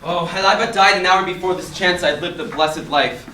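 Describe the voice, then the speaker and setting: A man's voice: sits high, normal speed, sharp tone, slight background noise. Teen boy reciting Shakespeare evenly. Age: teens. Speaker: student actor as Macbeth. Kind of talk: student stage performance. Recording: echoey room, distant mic.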